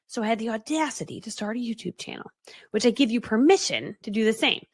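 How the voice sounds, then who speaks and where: Talking fast and with lots of energy, this businesswoman coach tells a story live to her online viewers, her fairly high, husky voice rising and falling widely. She performs the characters' voices and breaks into laughter often as she goes. The audio is close and dry, with no sense of a room.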